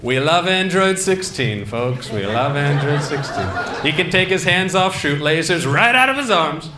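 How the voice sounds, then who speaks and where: A man's voice: on the high side, expressive, normal speed, natural voice. A man impersonating a boastful, rambling male politician with a repetitive bragging cadence. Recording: echoey hall with ambient noise.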